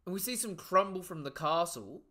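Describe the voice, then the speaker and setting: A man giving excited, profanity-laden live commentary while reading through a comic chapter and chatting to viewers. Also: high voice, normal speed. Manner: excitable, swears freely; reads the panels aloud as he goes. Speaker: live reaction streamer. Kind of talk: casual live reaction commentary.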